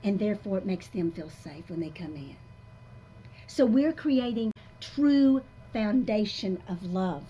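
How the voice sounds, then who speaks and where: A woman of about sixty giving a live motivational talk to an audience in a coffee shop, emphatic and confessional, swinging between soft and loud. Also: mid-range voice, expressive, unhurried, slightly rough, dull audio. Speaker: motivational speaker.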